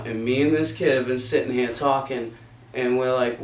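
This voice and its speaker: A young man rants passionately to the camera, swearing freely and preaching with fervor. His mid-range voice holds a steady tone at a moderate pace, and the distant mic gives a roomy sound with slight background noise.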